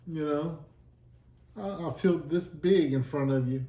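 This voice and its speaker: A man's voice: a little high, a little slow, warm tone, a little hiss or hum. A man telling his testimony in a casual sit-down talk, earnest and emotional, acting out the dialogue he recalls. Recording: echoey room.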